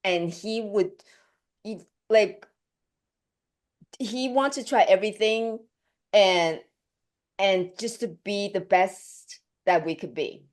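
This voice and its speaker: A woman telling a story as an interview guest, lively and chatty, jumping up in pitch when she acts out what people said. Her delivery is casual and full of fillers and restarts. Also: takes it slowly, long pauses. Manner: animated storyteller, laughing, acting out quotes with pitch leaps.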